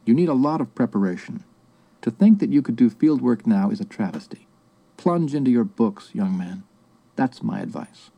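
A man's voice: medium pitch, animated, normal speed, creaky, warm tone, dull audio. A man reading the lines of an older male anthropology professor who lectures in a tired, condescending way. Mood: weary advice.

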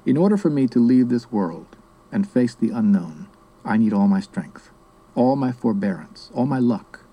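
A man voicing an old male sorcerer teacher who speaks calmly and firmly. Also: mid-range voice, breathy edge, rough recording. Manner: calm, measured, quietly firm.

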